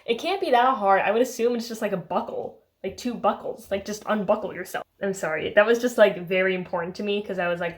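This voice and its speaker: A woman's voice: medium pitch, quick pace, few pauses. A young woman vlogging about a book she read, chatty and sarcastic, full of filler words. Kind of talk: casual chat.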